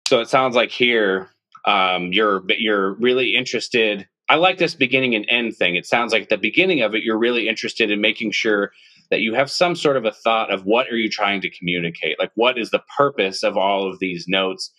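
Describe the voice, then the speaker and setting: A man's voice: fairly low pitch, normal speed, bright, forceful tone. A man hosting a podcast interview, reflective, rephrasing and building on his guest's points. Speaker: podcast host. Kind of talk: conversational interview.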